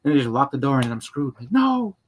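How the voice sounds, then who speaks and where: A man co-hosting a casual convention chat, telling animated stories and acting out the quotes. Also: mid-range voice, quick pace, a little hiss or hum. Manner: animated storyteller, acts out quotes. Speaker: podcast co-host. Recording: live convention panel, roomy mic.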